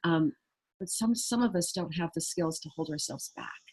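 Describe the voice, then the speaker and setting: Low, husky woman explaining calmly. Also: moderate pace, rough recording. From United States. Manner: earnest, acts out little quoted voices. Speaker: guest, trauma resilience trainer. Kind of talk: conversational interview explanation.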